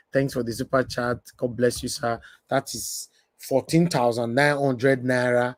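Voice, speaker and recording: A man's voice: medium pitch, no room sound. A man with a Nigerian accent hosting an online panel talk, chatty and repeating phrases for emphasis, now and then slipping into pidgin. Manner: animated, repeats himself for emphasis, slips into pidgin. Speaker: host of an online panel show. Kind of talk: casual live-stream talk.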